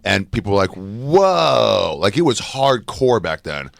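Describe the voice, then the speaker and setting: A man's voice: on the low side, expressive, moderate pace, gravelly, no room sound, studio quality. A man, a comedian guest, telling stories in casual podcast banter and acting out the voices of the people he quotes.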